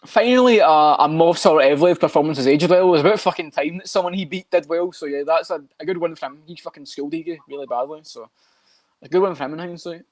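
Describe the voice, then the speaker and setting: A man's voice: fairly high pitch, no echo. A man co-hosting a podcast, talking casually with lots of swearing and jokey asides. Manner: fast, sweary and jokey, slips into mock voices. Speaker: podcast co-host. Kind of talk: casual chat.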